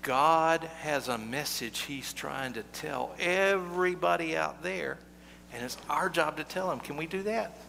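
A man's voice: a little high, a little slow, vocal fry, pushed and bright. Man, pastor, playful with children, solemn prayer, church reverb. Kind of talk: leading liturgy and a children's message. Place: church sanctuary. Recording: reverberant church with faint hum.

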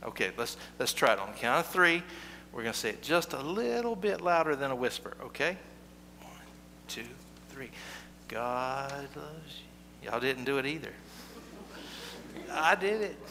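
A man's voice: on the high side, sing-song, normal speed, creaky, sharp tone. A male pastor, leading prayer and talking playfully with children in a church. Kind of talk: leading liturgy and a children's message. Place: church sanctuary. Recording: reverberant church with faint hum.

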